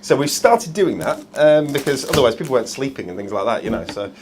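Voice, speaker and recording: A man's voice: medium pitch, lively intonation, fast talker, crowd noise. A man hosting a live shopping show, chatty and jokey with plenty of ums.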